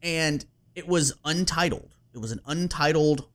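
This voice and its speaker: A man hosting a podcast, telling a story in casual chat, animated and laughing, with casual swearing and plenty of fillers. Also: fairly high pitch, normal speed.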